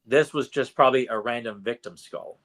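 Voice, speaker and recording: Bright-voiced man recapping a cartoon. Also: medium pitch, fairly quick. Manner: animated, acts out quotes with many restarts. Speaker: podcast co-host. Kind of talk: casual chat recapping a cartoon.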